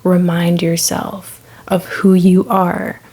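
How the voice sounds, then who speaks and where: Breathy woman doing a card reading, kinda whispery, slow and blunt, says everything twice. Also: fairly low pitch, level tone, a little mellow. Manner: blunt, repetitive, emphatic reassurance. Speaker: tarot card reader.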